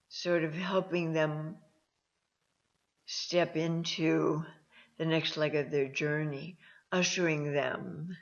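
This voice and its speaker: Woman host, unhurried storyteller, gravelly edge, halting delivery, dull lo-fi recording. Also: sits low. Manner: slow, halting, with many ums and restarts. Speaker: host and counselor. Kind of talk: personal storytelling talk. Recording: dull lo-fi sound.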